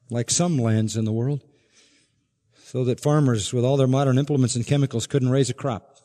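An older man preaching a sermon, emphatic, swinging between forceful peaks and quiet, low passages. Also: fairly even intonation, moderate pace. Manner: emphatic preaching, rising to loud peaks and dropping to hushed, low lines. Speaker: pastor. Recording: long hall reverb.

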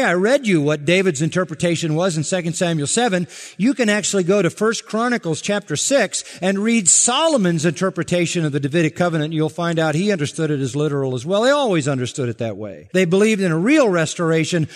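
A man preaching a sermon as pastor, emphatic and building his points through rhetorical questions. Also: high voice. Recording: long reverb from a large hall.

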